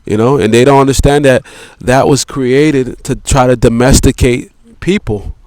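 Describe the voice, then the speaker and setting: A man delivering a rambling philosophical monologue, profane and repetitive, leaning on filler words and slow, drawn-out emphasis. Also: mid-range voice, fairly even intonation, a little mellow, dry recording, studio quality. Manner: profane, repetitive, peppered with "you know" and "man".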